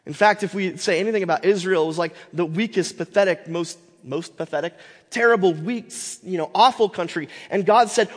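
A man with a high voice teaches a Bible lesson in a classroom manner. He is animated and emphatic, full of "uh"s and quick restarts. His voice carries a long reverb, as if recorded in a hall.

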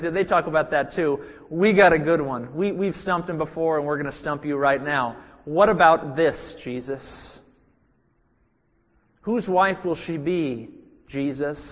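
Sneering ancient scholar, as a preacher puts him on. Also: male voice, on the high side, natural voice. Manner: sneering, taunting. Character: mocking skeptical ancient male religious scholar. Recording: dull lo-fi with long hall reverb.

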